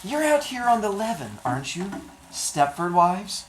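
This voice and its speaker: A man putting on a breathy flirtatious starlet. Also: high voice, big pitch swings, measured pace, reverberant, a little hiss or hum, voice pushed up. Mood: flirty.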